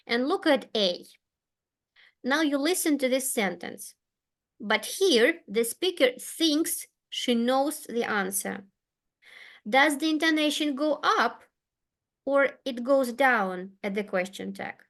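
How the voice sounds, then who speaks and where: A woman teaching an English lesson, speaking patiently and clearly. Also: on the high side, expressive. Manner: patient, slow and clear, with frequent okays. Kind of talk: online one-to-one English lesson.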